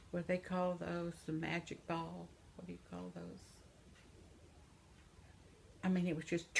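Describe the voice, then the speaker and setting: Older woman with a gravelly, slow voice. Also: fairly low pitch. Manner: reminiscing, soft-spoken, trails off into whispers; affectionate sign-off to viewers. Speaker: vlogger. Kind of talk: casual vlog monologue. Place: at home.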